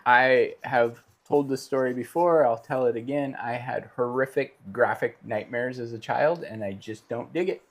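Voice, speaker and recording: A man's voice: mid-range voice, normal speed, few pauses. A man teaching a live painting lesson, explaining steps and joking playfully with his co-host. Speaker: painting instructor.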